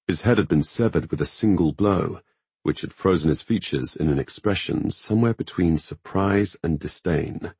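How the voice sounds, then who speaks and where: A man narrating a fantasy audiobook in a steady, even reading. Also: deep voice, moderate pace, husky, no echo.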